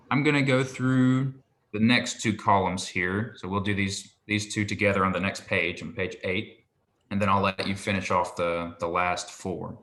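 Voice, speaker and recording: Bright-voiced, patient male Hebrew tutor. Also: on the low side. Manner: patient, encouraging, models pronunciation slowly. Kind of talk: one-on-one language lesson.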